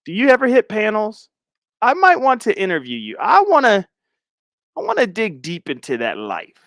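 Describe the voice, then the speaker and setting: Animated, teasing male livestream host. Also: sits high, moderate pace, no room sound, studio quality. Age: middle-aged. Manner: playful, teasing, laughs often. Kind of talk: casual chat reading viewer comments.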